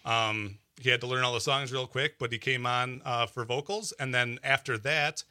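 A man's voice: medium pitch, fairly even intonation, moderate pace, sharp tone, no room sound. A man, a band guitarist telling stories in an easygoing way with plenty of fillers in a radio studio interview. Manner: easygoing storyteller, many fillers and restarts, laughs. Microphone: studio mic, dry.

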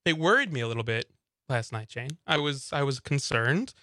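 A man's voice: mid-range voice, expressive, moderate pace, sharp tone, dry recording. A man co-hosting a radio talk show in a studio, telling a story in a chatty way and laughing often. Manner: chatty storyteller, laughs often, acts out his own thoughts. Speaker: radio co-host. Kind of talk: casual radio chat.

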